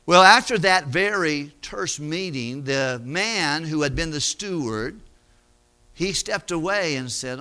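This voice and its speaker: A man's voice: a little high, lively intonation, takes it slowly, bright, forceful tone. A man preaching, retelling a parable in a folksy, conversational way and acting out the characters. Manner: folksy, conversational, acts out voices. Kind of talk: sermon storytelling.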